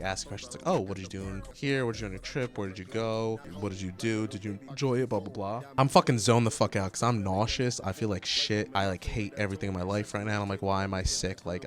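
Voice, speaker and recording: A young man with a fairly low voice tells a crude story in a loose, casual way. He drops to a mutter at times and then gets loud and high-pitched when the tale turns frantic. His manner stays profane and animated throughout. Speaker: streamer telling a story.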